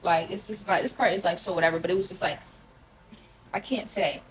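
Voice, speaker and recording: A young woman telling a long personal story to her viewers in a casual, rambling way, full of "like" and slang, often dropping into a hushed tone. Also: on the low side, steady tone, fairly quick, a little hiss or hum, low-quality recording. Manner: rambling, heavy filler "like", emotional, addresses viewers as y'all. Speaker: storyteller recounting a relationship.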